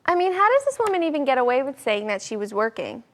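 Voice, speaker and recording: A woman's voice: high voice, sing-song, fast talker. A young woman co-hosting a casual entertainment news chat, conversational and reactive, with fillers. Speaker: co-host.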